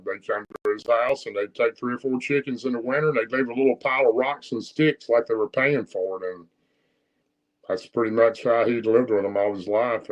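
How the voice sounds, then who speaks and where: A man's voice: fairly low pitch, highs cut off. A man with a Southern US accent telling a personal encounter story in a plain-spoken, rambling, folksy way. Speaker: guest storyteller.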